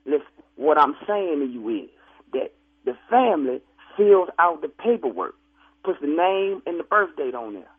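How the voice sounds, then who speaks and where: A man's voice: a little high, sing-song, moderate pace, husky. A man answering the phone at a funeral home, defensive and stammering, arguing back. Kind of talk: prank phone call comedy bit. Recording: tinny phone line.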